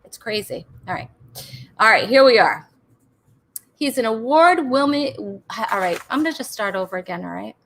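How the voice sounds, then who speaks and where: A chatty woman hosts a live online comedy talk show with bubbly excitement. Her voice sits a bit high and rings bright and forward. She giggles, stumbles and restarts her lines as she goes. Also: normal speed. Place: home in Rhode Island during a thunderstorm.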